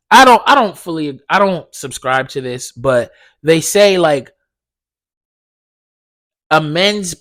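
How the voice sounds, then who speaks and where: A young man hosts his own podcast, telling stories with plenty of swearing and slang. His voice sits high for a man, and he talks at an unhurried pace. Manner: profane, animated storytelling with slang. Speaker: podcast host. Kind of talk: casual solo podcast monologue.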